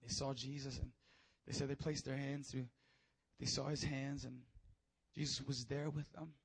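A man preaching a sermon, telling stories with animated energy and stammered repeats. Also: mid-range voice, moderate pace, husky.

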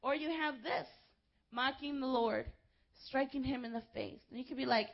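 A woman delivers a sermon in a high voice. She is impassioned and direct, talking straight to her congregation with informal asides. The recording is somewhat dull and lo-fi. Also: steady tone, a little fast, creaky. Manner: impassioned, rising to shouts when quoting crowds. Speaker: preacher.

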